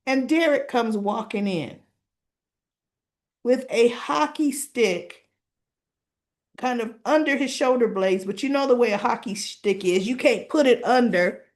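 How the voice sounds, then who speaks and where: A woman's voice: a little high, measured pace. Chatty woman recapping a soap episode. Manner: chatty, with frequent "right?" asides. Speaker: soap opera reviewer. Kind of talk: casual recap.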